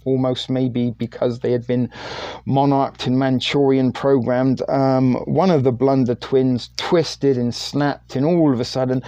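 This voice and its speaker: A man with a mellow, soft-edged voice at a middling pitch rambles through an anecdote on his live stream. He is self-deprecating and scattered with "um" and "sort of", and the recording is close and dry. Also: steady tone, normal speed, dry recording. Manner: rambling, self-deprecating, many fillers and hedges. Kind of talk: casual anecdotal chat.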